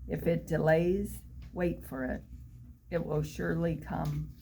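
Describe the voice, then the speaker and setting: A woman volunteer reading a passage of scripture aloud in a measured way. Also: low-pitched, little pitch movement, vocal fry, dark tone, slight background noise, low-quality recording.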